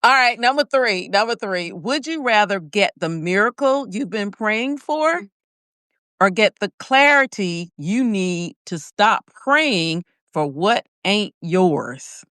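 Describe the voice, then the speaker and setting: A woman's voice: medium pitch, animated, slow, fairly bright tone, dry recording, clean studio sound. A woman hosting a casual live chat, reading out questions and laughing often. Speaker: host.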